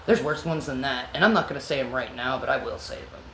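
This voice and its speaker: A woman telling an angry personal story in a blunt, profane vlog monologue that sometimes drops to a low whisper. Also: quick pace, a bit bright. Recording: echoey room with faint background hum.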